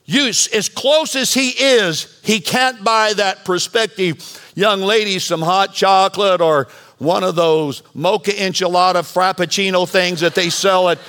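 A man preaching a sermon as pastor, animated and bantering with the congregation. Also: high-pitched, measured pace. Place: church sanctuary.

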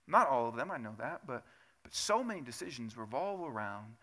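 Bright-voiced man preaching a sermon. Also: medium pitch, big pitch swings, brisk. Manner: conversational preaching with rhetorical questions, rising to loud emphatic peaks. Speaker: pastor. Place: church sanctuary.

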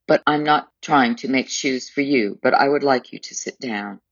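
A man's voice: mid-range voice, normal speed, fairly bright tone, no echo. Poised, commanding woman customer, read by a male narrator, dull, muffled sound. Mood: polite, commanding. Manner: polite but commanding. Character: insistent, composed woman customer, middle-aged. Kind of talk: audiobook memoir reading.

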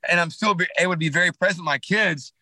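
A man being interviewed on a podcast, telling a hunting story in a rambling, animated way with many restarts and asides. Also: sits high, very fast, no echo, rough recording. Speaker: podcast guest, clothing company founder.

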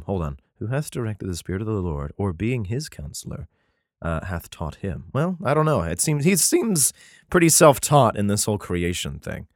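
A congested man reading old bible verses slowly and solemnly, then breaking off with profane, sarcastic asides and clearing his throat. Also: medium pitch, no room sound, studio quality. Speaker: scripture reader and commentator. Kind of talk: bible reading with irreverent commentary.

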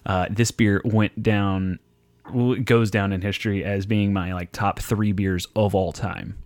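A man with a lowish voice tells loose, profanity-heavy stories in easygoing conversation. He is recorded dry and close, with no room sound around him. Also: fairly even intonation, unhurried, darkish tone, dry recording. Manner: profane, rambling storyteller. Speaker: podcast co-host. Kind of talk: casual chat.

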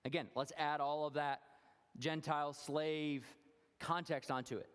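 A man's voice: a little high, moderate pace, a bit bright, long reverb tail. A man preaching a sermon as pastor, talking earnestly and rising to fervent emphasis.

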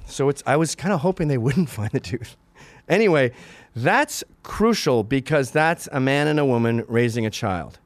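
A man in his forties hosting a podcast, delivering a crude comedic monologue with sudden loud outbursts. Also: mid-range voice, animated, normal speed, dry recording. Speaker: podcast host.

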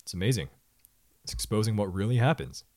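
A man's voice: on the low side, expressive, fairly quick, darkish tone, no room sound, clean studio sound. A young man co-hosting a podcast in a laid-back casual chat, mostly giving short agreeing replies. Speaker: podcast co-host.

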